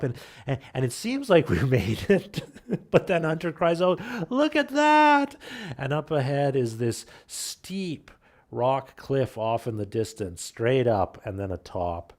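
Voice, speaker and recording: Pastor telling a family story. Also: male voice, fairly low pitch, a little mellow. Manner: conversational, repeats words when restarting. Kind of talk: sermon storytelling. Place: church.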